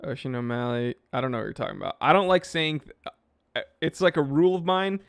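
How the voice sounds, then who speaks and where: A man's voice: mid-range voice, quick pace, gravelly, fairly bright tone, smooth, dry recording, clean studio sound. A man hosting a live stream, casually reading viewer comments aloud and rambling offhand about them. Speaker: watch channel host reading live chat.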